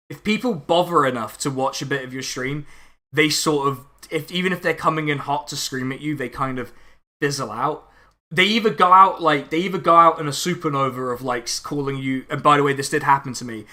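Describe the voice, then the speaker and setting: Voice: mid-range voice, pushed and bright. A non-binary streamer, chatting casually and sarcastically over lunch, ranting with lots of filler words. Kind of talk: casual chat.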